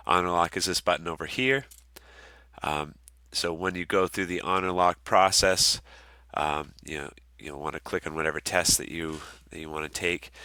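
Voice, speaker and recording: A man teaching as an online course instructor in a casual walkthrough, relaxed with lots of ums and uhs. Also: low voice, no room sound. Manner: relaxed, many ums and uhs, friendly asides.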